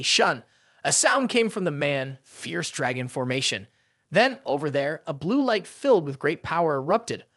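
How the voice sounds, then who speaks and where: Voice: medium pitch, no room sound, clean studio sound. A narrator telling a fantasy story recap in scripted, dramatic storytelling.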